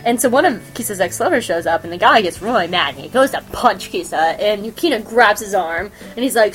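Brief: excitable woman host, casual chat, laughs and swears freely. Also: medium pitch, moderate pace. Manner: animated, giggly, profane fangirl gushing. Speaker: podcast host.

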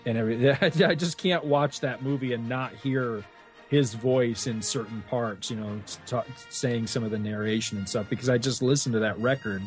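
A man's voice: mid-range voice, moderate pace. Male podcast host, rambling, laughs often, casual swearing, studio mic, faint music. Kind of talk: casual chat. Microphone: studio microphone.

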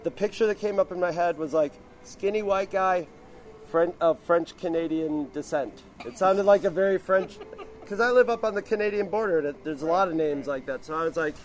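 A man's voice: high voice, a little fast. A man as a podcast guest in casual chat, rambling and laughing often.

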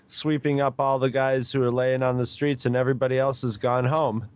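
A man in casual chat, relaxed, agreeing quickly and laughing along. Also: mid-range voice, smooth, dry recording. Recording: dry dull lo-fi audio.

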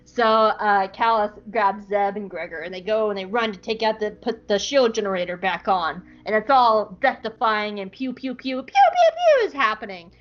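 A woman podcast co-host retelling a fan story in a casual, giggly, animated way. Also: mid-range voice, moderate pace, few pauses. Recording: dull lo-fi podcast audio.

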